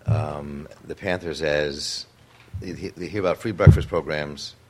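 A man's voice: very deep voice, fairly even intonation, unhurried, slight background noise. A man interviewing a guest, thoughtful and restarting his questions as he frames them. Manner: thoughtful, rephrases questions mid-sentence. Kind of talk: conversational interview.

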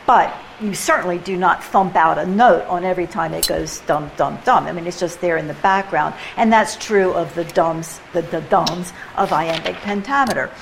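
A woman with a lowish voice teaches a poetry workshop to a room of people, chatty and animated. She plays with rhythm out loud as she explains. A faint hiss of room noise sits under her voice. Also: moderate pace, vocal fry, hardly any pauses, rough recording. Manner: chatty, animated, playful, mimics rhythms aloud. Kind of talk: informal teaching to a group. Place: room with a live group.

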